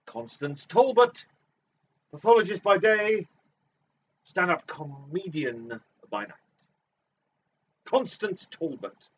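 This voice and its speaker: A man hosts a rowdy bingo stream, stretching each called name out with theatrical flair and a swooping, lively voice. He sits a little off the mic, on a dull, lo-fi recording with faint hiss. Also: sits high, far from the mic. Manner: theatrical, drawn-out repeats of names, sweary asides. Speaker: bingo host. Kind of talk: comic live-stream bingo calling.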